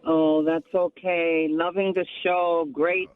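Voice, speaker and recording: A woman's voice: lowish voice, flat delivery, slow pace. Woman caller on a tinny phone line. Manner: earnest, soft-spoken, hesitant.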